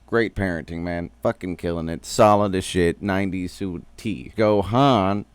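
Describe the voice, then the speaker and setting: A man's voice: low-pitched, moderate pace, smooth, no room sound. A man recapping an anime episode in casual, joking, profane slang.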